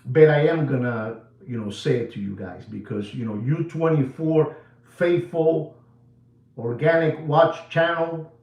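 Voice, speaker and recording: Excitable bilingual man. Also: unhurried, reverberant, recorded from a distance, muffled recording. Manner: excitable, switches between English and Spanish, repeats himself; drops to a low serious tone. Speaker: watch channel host. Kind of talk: animated casual monologue.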